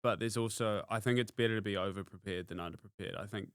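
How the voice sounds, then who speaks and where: A man's voice: lowish voice, fast, smooth, no echo, clean studio sound. A man, a comedian guest on a podcast, laid-back and self-deprecating, often trailing off mid-thought. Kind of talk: casual chat.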